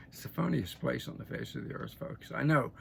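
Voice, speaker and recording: With slight background noise, an older man speaks in a creaky, mid-range voice at a moderate pace. A political commentator, he offers folksy, emphatic, opinionated takes on the news, often restarting and asking his audience "okay?"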